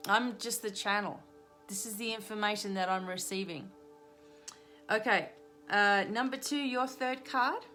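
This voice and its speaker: A middle-aged woman talks through a live-streamed card reading. She coaches her listeners in an earnest, repetitive way, at a middle pitch. Faint music plays in the background. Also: a bit bright. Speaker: spiritual reader and hypnotherapist. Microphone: webcam or phone on a live stream.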